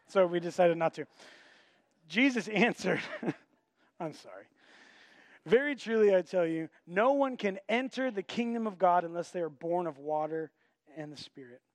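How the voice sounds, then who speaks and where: Middle-aged male pastor, sermon, storytelling, high voice, dry close sound. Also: no echo. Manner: conversational, self-interrupting storytelling with frequent restarts.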